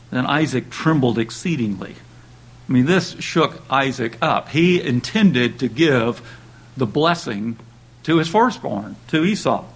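A man's voice: expressive, measured pace, slightly rough, poor audio. A man preaching a sermon, speaking conversationally with restarts and lifting his voice when he reads scripture aloud. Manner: raises pitch and volume when reading dramatic quotes.

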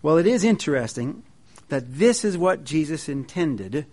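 A man preaching a sermon in a folksy, joking way, reading scripture and telling stories with lively emphasis. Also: on the high side, moderate pace. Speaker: pastor.

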